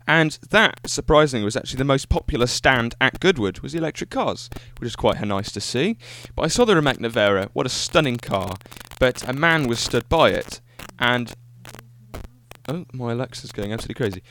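A man's voice: mid-range voice, lively intonation, a little fast, fairly bright tone, slight background noise. A man hosting a solo podcast, talking in an enthusiastic, rambling way and often correcting himself. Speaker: podcast host. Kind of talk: solo casual podcast monologue.

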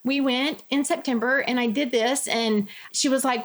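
Speaking a little fast with few pauses, a high-voiced woman gives personal testimony as an interview guest. She's candid and chatty, peppering her casual account with lots of quoted asides.

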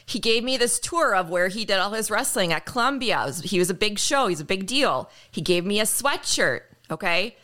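A woman hosts a casual podcast chat, her voice bright and clear. She tells stories in an animated way and laughs often, her pitch swinging high and low. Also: a little fast, hardly any pauses. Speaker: podcast host.

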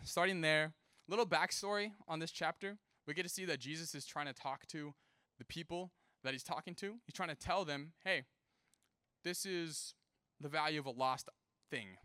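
Young guy preaching, super animated, bright voice, dry sound. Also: fairly high pitch, clear, resonant tone, no echo. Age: young adult. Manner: animated, casual, acts out quoted voices. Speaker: youth preacher. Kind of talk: sermon with personal storytelling.

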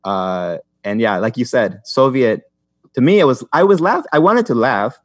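A man's voice: mid-range voice, animated, moderate pace, no room sound, clean studio sound. A young man telling stories in a rambling way as a podcast guest, with many restarts and fillers. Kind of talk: casual chat.

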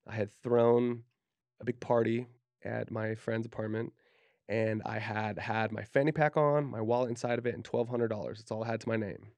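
Gravelly-voiced man telling a candid story. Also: lowish voice, darkish tone, no room sound. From Utah, USA. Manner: candid, profane, acts out quoted speech. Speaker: podcast guest, tattoo artist. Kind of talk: casual storytelling interview.

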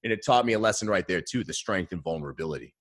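A man telling a personal story in a casual interview, earnest and animated, often adding "man.". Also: deep voice, rapid-fire, dry recording, clean studio sound. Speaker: guest.

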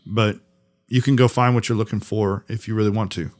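A man's voice: fairly low pitch, steady tone, fairly quick, darkish tone. A man co-hosting a podcast, chatting casually and thanking listeners at the end of an episode. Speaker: podcast co-host. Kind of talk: casual podcast sign-off chat.

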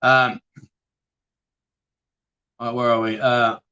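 A man's voice: mid-range voice, level tone, slow, sharp tone, smooth, muffled recording. A man hosting a casual livestream, reading out viewer comments and bantering with a laugh. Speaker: livestream host.

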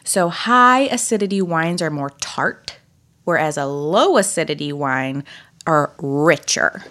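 A woman's voice: low voice, unhurried. A young woman co-hosting a podcast, explaining things casually with lots of fillers. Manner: lively, explains with many fillers. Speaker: podcast co-host. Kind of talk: casual chat.

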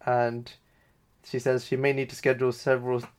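A man's voice: mid-range voice, monotone, brisk, clear, resonant tone. A man co-hosting a talk show, casually retelling scenes and quoting dialogue loosely. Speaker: podcast co-host. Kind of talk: casual recap discussion.

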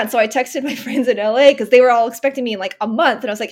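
A woman's voice: on the high side, steady tone, fast, hardly any pauses. A woman of about thirty, a podcast guest telling a personal story earnestly and with emphasis, often restarting and acting out her inner dialogue. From Northern California. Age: 30s.

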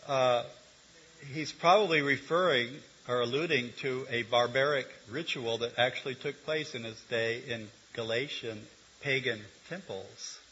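A man's voice: medium pitch, a little slow, fairly bright tone, slightly rough. An older man giving a conversational sermon, teaching with humor and asides. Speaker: preacher. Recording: dull lo-fi recording.

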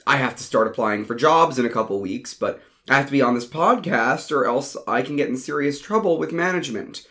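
A man's voice: mid-range voice, lively intonation, fairly quick, sharp tone. Wry male audiobook narrator. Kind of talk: first-person audiobook narration.

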